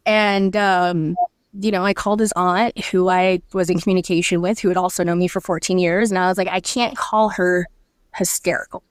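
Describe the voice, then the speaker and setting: A woman's voice: on the low side, steady tone, normal speed, clear, resonant tone, no room sound, clean studio sound. A woman guest on a podcast, candidly and emotionally telling a personal story and acting out her own thoughts.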